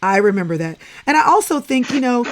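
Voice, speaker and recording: A woman's voice: on the high side, very animated, fast talker, a little hiss or hum. A woman hosting a casual live-stream chat, talking to viewers in an encouraging, preacherly way. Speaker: host.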